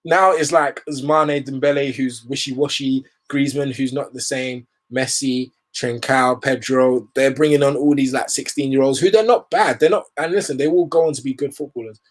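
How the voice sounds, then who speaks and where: A man's voice: mid-range voice, normal speed, hardly any pauses. A young man hosting a football show, giving rambling, opinionated commentary in casual slang.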